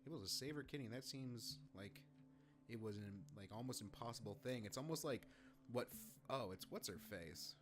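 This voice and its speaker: A man's voice: fairly low pitch, normal speed. A man giving casual, jokey commentary while playing a game, laughing often. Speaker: let's play commentator. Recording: game music playing underneath.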